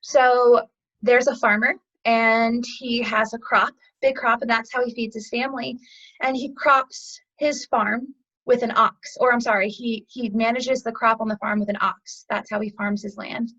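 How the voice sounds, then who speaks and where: A woman guest in an interview, telling a parable in a chatty, animated way with fillers, as a yoga teacher. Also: on the high side, unhurried, lo-fi sound. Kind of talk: storytelling a parable in conversation.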